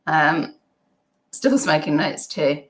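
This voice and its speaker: A woman's voice: low-pitched, expressive, takes it slowly, fairly bright tone. A middle-aged woman, hosting a casual live stream at home, reading chat comments and rambling with many ums and asides.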